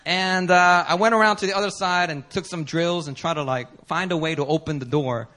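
A man preaching a sermon as pastor, telling a story animatedly with laughter and sudden shouts. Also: a little high, fairly quick. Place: church service.

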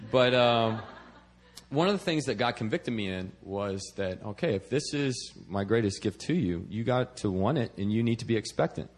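A man's voice: fairly low pitch, expressive, normal speed. A man preaching a sermon in a conversational way, often checking in with "okay?" and repeating words as he restarts. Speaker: preacher and missionary.

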